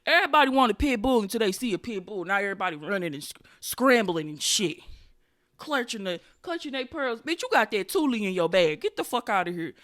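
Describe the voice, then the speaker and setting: A woman in her twenties hosting a podcast, telling a story in a casual comedic way with profanity and loud animated bursts. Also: medium pitch, brisk. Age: 20s. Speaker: podcast host.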